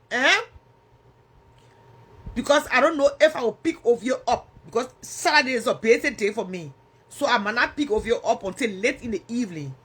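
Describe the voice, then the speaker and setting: Her voice is high-pitched, fairly bright and slightly rough. She's a Liberian English-accented host on a casual livestream, joking with viewers and answering what they post.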